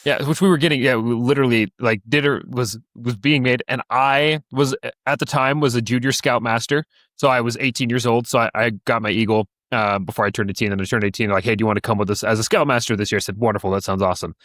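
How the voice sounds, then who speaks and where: A man's voice: medium pitch, fast, dry recording, clean studio sound. A young man in his twenties, co-hosting a podcast in casual chat, who tells stories with energy and acts out the voices of the people in them. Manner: animated storyteller, acts out voices, laughs often. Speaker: podcast co-host.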